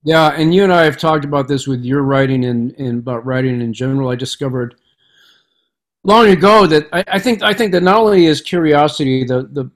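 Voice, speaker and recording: A man speaking as an author guest in a casual interview, thoughtful and halting, with frequent restarts. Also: on the high side.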